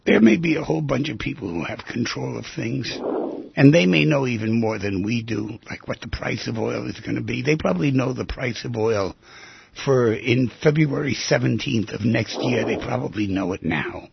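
A man hosting a call-in advice radio show, talking in an animated, emphatic way with storytelling asides. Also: mid-range voice, normal speed. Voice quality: very husky, gravelly voice. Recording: dull, lo-fi radio audio.

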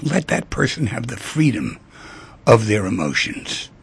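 A man hosting a talk show, speaking emphatically and telling stories with animated energy. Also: mid-range voice, measured pace, gravelly, husky. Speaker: radio talk show host.

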